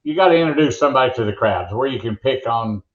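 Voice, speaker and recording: A veteran monster truck announcer, an older man guesting on an interview, rambles through folksy stories and jokes, restarting often. He speaks animatedly and quickly at medium pitch over a muffled, echoey remote connection.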